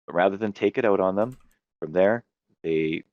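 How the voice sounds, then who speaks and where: A man's voice: sits low, normal speed, dry recording, dull audio. A man hosting a podcast, chatting casually as a game master who tells a long story and often stops to correct himself. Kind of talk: casual chat about tabletop games.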